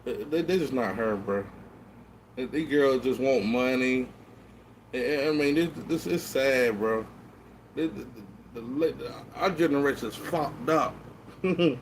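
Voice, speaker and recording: A man's voice: mid-range voice, slight background noise. A tipsy man rambling in casual chat to his viewers, stammering through restarts and swearing constantly. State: tipsy from drinking. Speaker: vlogger.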